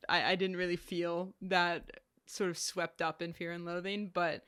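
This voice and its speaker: A woman's voice: fairly low pitch, fairly bright tone, no echo, studio quality. A young woman co-hosting a movie podcast, chatty and teasing in casual talk. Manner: chatty, laughs often, teasing. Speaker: podcast co-host. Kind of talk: casual chat.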